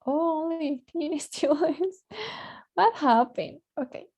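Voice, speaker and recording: A woman's voice: high-pitched, slow, a little mellow, lo-fi sound. A woman teaching an online English class, coaxing students along and often asking "right?" over a video call. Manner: switches between English and Spanish, coaxing students with frequent "right?".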